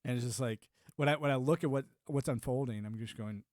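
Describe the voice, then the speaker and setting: A man's voice: mid-range voice, fairly quick, few pauses, darkish tone, no echo, studio quality. A man in his thirties chatting casually on a live stream, rambling and laughing often.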